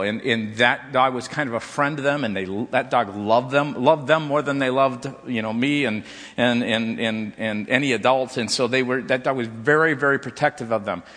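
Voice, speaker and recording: A man's voice: medium pitch, a bit bright, long reverb tail. A middle-aged man preaching a sermon, telling a story in a loose way with many restarts and repeated "and". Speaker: pastor.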